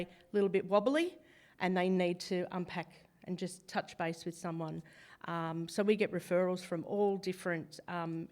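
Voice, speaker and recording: An Australian woman with a croaky, hoarse voice giving a chatty talk about a community mental health service at a church event. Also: fairly low pitch. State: hoarse from cheering. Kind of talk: informal presentation.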